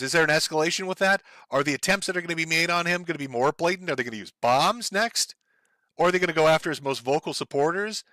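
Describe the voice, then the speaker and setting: A man's voice: a little high, sharp tone, dry recording, clean studio sound. A man hosting his own show, giving blunt, profane, heated commentary. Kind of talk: ranting political commentary.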